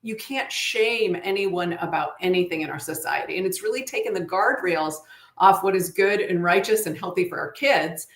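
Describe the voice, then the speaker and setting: A woman's voice: on the low side, expressive, moderate pace. Earnest woman, echoey room. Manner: earnest, preachy, quotes scripture. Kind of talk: casual talk-show chat.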